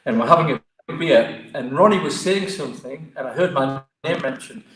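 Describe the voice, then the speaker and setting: A man with a Geordie accent, a martial arts guest telling stories in a lively, chatty way. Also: mid-range voice, normal speed. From Newcastle, England. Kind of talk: casual storytelling interview. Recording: echoey room.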